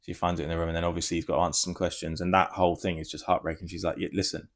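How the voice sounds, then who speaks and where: A man giving a casual spoiler review, rambling and excitable, swearing freely. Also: low voice, racing. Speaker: film reviewer.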